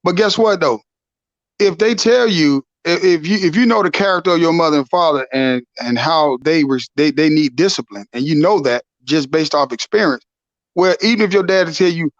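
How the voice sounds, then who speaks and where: Calm man explaining, dull dry sound. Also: fairly high pitch, normal speed, dry recording. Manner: calm, explanatory, affirming with "right" and "real". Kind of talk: casual podcast conversation.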